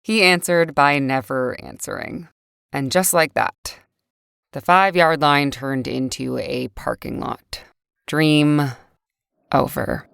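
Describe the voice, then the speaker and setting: A young woman reading a first-person story aloud, swinging between rage and quiet despair. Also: sits low, slow, creaky, clear, resonant tone, dry recording, studio quality. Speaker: narrator. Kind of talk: first-person scripted narration. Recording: faint music bed.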